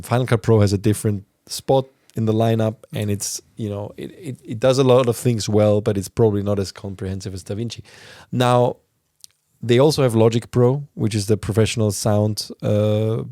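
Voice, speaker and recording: A man's voice: fairly low pitch, fairly even intonation, normal speed, warm tone, no echo, studio quality. A man hosting a podcast, explaining news in a casual, rambling way with plenty of fillers. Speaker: podcast host.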